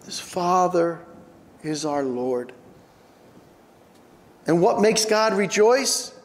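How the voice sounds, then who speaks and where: A man's voice: high-pitched, expressive. A man preaching a sermon as pastor, earnest and emphatic, lifting his voice on key lines. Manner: earnest, slow, rising emphatic delivery. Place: church sanctuary. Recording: long church hall reverb.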